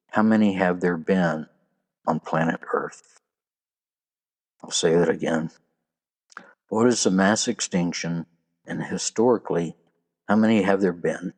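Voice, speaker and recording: A man's voice: sits low, a little mellow. A man hosting a solo podcast, sharing trivia and jokes in a folksy, casual way. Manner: folksy, joking delivery with trivia. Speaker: podcast host.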